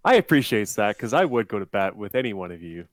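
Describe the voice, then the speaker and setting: Brief: Canadian male co-host, lowish voice, deadpan, dry close sound. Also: quick pace, no room sound. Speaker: podcast co-host.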